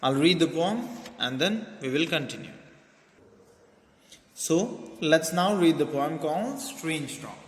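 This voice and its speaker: A man teaches a children's poem to his class, explaining each word and checking in with "okay" and "right". His voice sits a little high and his pace is slow. The recording is roomy, with a long reverb. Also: lively intonation, a little hiss or hum. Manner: explains simply, repeats words, says okay and right often.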